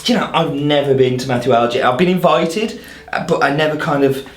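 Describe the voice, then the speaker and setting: A man, a coffee roaster co-hosting a casual podcast chat, talking in a relaxed, conversational way. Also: a little high, a little fast, roomy sound.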